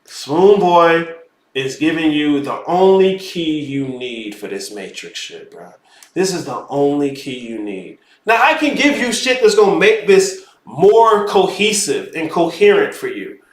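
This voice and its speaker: A high-voiced man lecturing on spirituality with lots of energy, his pitch leaping up and down. He talks emphatically and swears freely. The room around him is echoey. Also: very animated, measured pace. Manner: emphatic, profane, keeps saying "bro". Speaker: spiritual teacher. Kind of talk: animated casual lecture. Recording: roomy echo.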